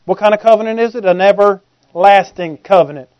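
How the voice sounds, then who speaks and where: High-voiced joking preacher. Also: male voice, a little fast, darkish tone, dry recording. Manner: humorous, conversational, asks the congregation questions. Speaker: pastor. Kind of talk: sermon. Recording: dull lo-fi recording.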